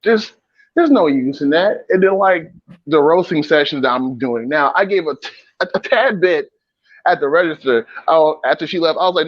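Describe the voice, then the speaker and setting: A man on a casual podcast tells a story in an animated, profane way and roasts people with laughs. His pitch swoops widely and sits a little high. The sound is dull and lo-fi, and the room is dry. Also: moderate pace, no room sound. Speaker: podcast co-host.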